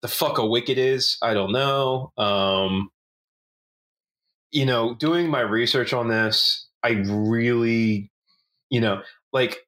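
Philly guy cohosting a podcast, rambly, swears a lot, keeps restarting his sentences, average pitch. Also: takes it slowly, a bit bright. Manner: rambling, profane, many restarts and fillers, joking. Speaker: podcast co-host. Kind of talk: casual chat.

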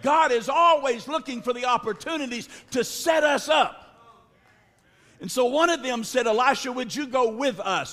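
A man preaching a sermon, speaking slowly with drawn-out words and sudden shouts. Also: high voice. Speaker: pastor. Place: church sanctuary. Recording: long reverb of a large hall.

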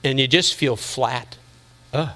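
A man's voice: high voice, expressive, moderate pace, sharp tone. A middle-aged male pastor giving a sermon in a conversational way, teasing the congregation and acting out inner voices.

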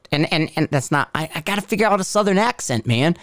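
A middle-aged podcast host from Connecticut rambles through a profane, sarcastic rant in a Northeastern US accent. His voice sits somewhat high for a man. The sound is dry and close, with no room around it. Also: animated, quick pace, few pauses, a bit bright, no echo. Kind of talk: ranting podcast monologue.

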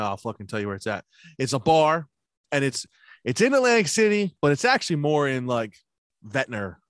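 A man's voice: mid-range voice, fairly bright tone, no echo, clean studio sound. A man in casual chat, telling long profane stories about his workday and acting out what everyone said, laughing along. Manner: acts out both sides of remembered conversations.

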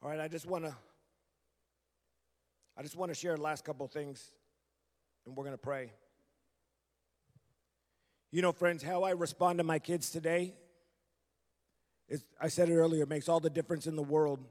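A man's voice: fairly high pitch, fairly even intonation, moderate pace, long pauses, darkish tone. A middle-aged man preaching a sermon as a guest, telling his story earnestly and acting out remembered conversations. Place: church sanctuary. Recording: long reverb of a large hall.

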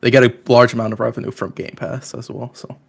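A man co-hosting a casual podcast, laid-back and quick to laugh. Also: mid-range voice, little pitch movement, creaky, slightly rough. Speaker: podcast co-host. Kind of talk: casual chat.

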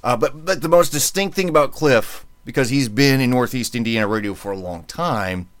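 A man's voice: medium pitch, animated, moderate pace, a bit bright, no echo. A man hosting a podcast in a casual chat, telling rambling stories with lots of fillers and sometimes mimicking other voices. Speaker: podcast host, former radio worker.

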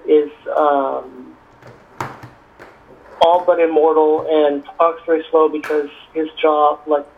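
A man, a tabletop game player, speaking in a flat, slow, offhand way. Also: on the high side. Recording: tinny phone-like line with faint noise.

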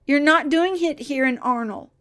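A preacher voicing an older blacksmith who cries out to God in a loud, pleading, high-pitched prayer. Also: male voice, steady tone, measured pace, vocal fry. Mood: pleading fiercely. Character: fervent old male blacksmith crying out in prayer.

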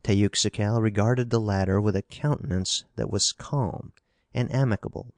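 A man narrating a pulp science-fiction novel in an even, measured reading style. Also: fairly low pitch, dry recording, studio quality. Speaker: audiobook narrator.

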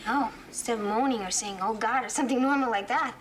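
A woman's voice: fairly high pitch, quick pace, slight background noise, close to an everyday voice. Actress as a giggly, oddly confiding young woman. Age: young adult. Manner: chatty, confiding, breaks into giggles. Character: odd young woman on a date, telling a strange story about her marriage. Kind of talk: film dialogue.

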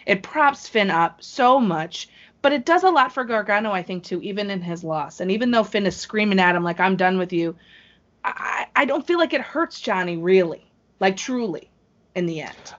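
A woman gushes about a match in a casual co-hosting chat. Her voice sits at an ordinary middle pitch, and the recording sounds slightly muffled and lo-fi. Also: expressive, moderate pace, fairly bright tone. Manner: gushing, enthusiastic. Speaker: wrestling podcast co-host.

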